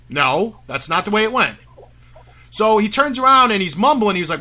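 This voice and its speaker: Angry, high-voiced promoter ranting. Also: male voice, animated, normal speed, pushed and bright. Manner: angry, profane rant with many "you know" fillers and stammered restarts. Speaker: wrestling promoter. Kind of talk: heated guest story on a radio show.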